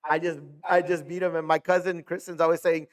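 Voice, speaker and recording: A man's voice: on the high side, little pitch movement, brisk. A man and coach telling long casual stories, rambling with lots of filler words. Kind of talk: casual storytelling.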